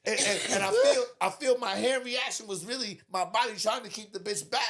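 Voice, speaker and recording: A man hosting a podcast, telling a story in casual chat, animated and profane, laughing often. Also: high voice, brisk. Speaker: podcast host.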